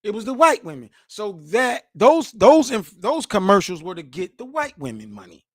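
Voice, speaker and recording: A man in his forties reacting to news clips as host, animated, emphatic and mocking, full of slang. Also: sits high, moderate pace, no echo, clean studio sound.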